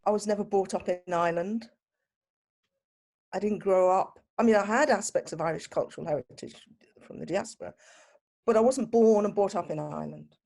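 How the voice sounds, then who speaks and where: A British woman looks back on her upbringing in a measured, reflective tone. Her voice has a gravelly edge and a dark, mellow colour. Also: mid-range voice. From Britain. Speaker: interviewee. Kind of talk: personal reminiscence.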